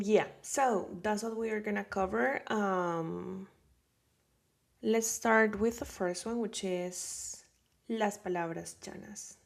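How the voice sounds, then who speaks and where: A woman with a Colombian Spanish accent teaches a beginner lesson at an unhurried pace. Her voice has a gravelly edge, and she keeps checking in with her students. She stays patient and repeats words so they can follow. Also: lowish voice. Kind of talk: slow explanatory lesson.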